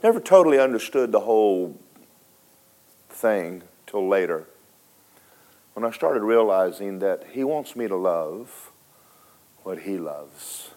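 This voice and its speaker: A man preaching a sermon, telling a story dramatically, switching between loud and hushed and talking straight to the congregation. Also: fairly low pitch, sing-song, takes it slowly, long pauses. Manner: folksy, speaks to the congregation directly.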